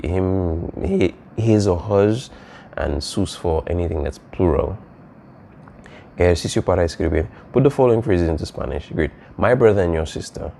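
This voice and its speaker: A man's voice: sits low, mellow, slight background noise. A man teaching a Spanish lesson, explaining casually with frequent fillers and "all right?" checks. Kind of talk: recorded classroom lesson.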